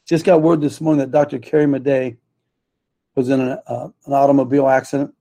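A man's voice: mid-range voice, flat delivery, quick pace, vocal fry, dark tone. A man hosting a live talk show, rambling and losing his train of thought as he speaks.

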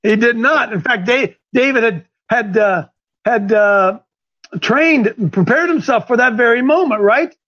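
A man leading a group Bible discussion, animated, who slips into strained cries when he acts out characters. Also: very high-pitched, unhurried, muffled recording. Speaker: Bible study leader, called coach.

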